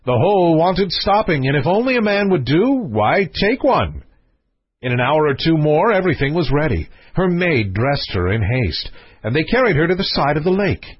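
Husky man reading a fairy tale. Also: a little high, normal speed, no echo, dull audio. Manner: expressive, varied delivery. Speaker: narrator. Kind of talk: storybook reading.

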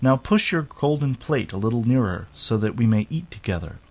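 A man's voice: mid-range voice, lively intonation, a little fast, a little mellow, natural voice. A man voicing a small, insistent male frog in a storybook reading, coaxing and pleading. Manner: coaxing, wheedling, raised voice.

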